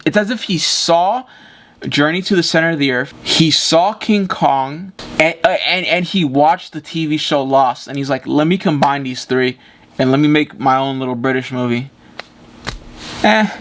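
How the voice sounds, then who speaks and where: A man's voice: fairly high pitch, fairly bright tone. A man giving a casual movie review to camera, rambling and repeating himself, with some cursing. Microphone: camera with ring light.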